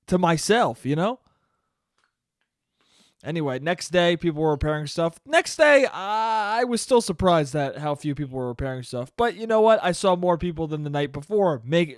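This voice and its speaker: A young man with a high voice rants through his podcast, swearing freely and mocking himself as he acts out petty complaints. The sound is close and dry. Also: very animated, normal speed, no echo. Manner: profane, self-mocking, mimics whiny complaints. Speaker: podcast host. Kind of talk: solo comedic rant.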